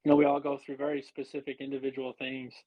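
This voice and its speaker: A man hosting a podcast, speaking in an encouraging, halting way full of "you know"s. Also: medium pitch, completely flat delivery, warm tone. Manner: encouraging, halting, filler-heavy. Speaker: podcast host. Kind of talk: casual podcast chat. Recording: dull lo-fi recording.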